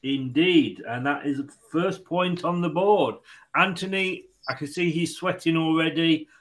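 A man hosts a casual online football quiz with a slightly high voice. He talks in a loose, jokey way and laughs often between questions. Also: unhurried, fairly bright tone. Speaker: quiz host.

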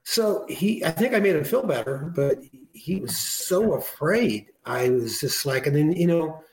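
A man's voice: on the high side, lively intonation, normal speed, echoey room, poor audio. A man chatting on a talk show in a rambling, conversational way, often restarting his sentences.

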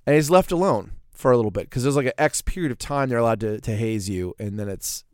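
A man's voice: mid-range voice, animated, quick pace, a little mellow, clear, resonant tone, no room sound, clean studio sound. A man co-hosting a podcast, telling boot camp stories in a crude, joking way. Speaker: podcast co-host and former Marine. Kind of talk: casual storytelling chat.

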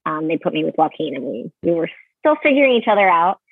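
A woman in her thirties chats candidly about her career, full of fillers and restarts. Her voice sits a little low. It comes through a thin, tinny phone line with no room echo. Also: big pitch swings, quick pace, breathy edge. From Utah, USA. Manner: chatty, candid, many fillers. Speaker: guest ballet dancer. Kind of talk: casual interview.

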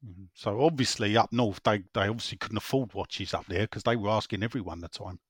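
A man's voice: fairly low pitch, a little fast, husky, no room sound. A man hosting a casual football fan chat, rambling and repeating himself as he reads out listener messages. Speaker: football podcast host reading listener messages.

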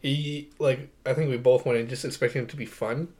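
A man's voice: mid-range voice, fairly even intonation, fairly quick, darkish tone. Young male podcast co-host, eager and rambling, casual movie talk, laughs a lot. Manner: enthusiastic, rambling, laughs often. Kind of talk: casual movie review chat.

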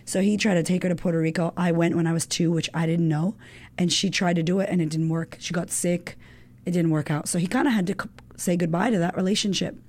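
A woman in her thirties, a women's coach, talking as a guest in an animated, emotional way, full of fillers and the odd swear word. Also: fairly low pitch, fast. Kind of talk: casual chat.

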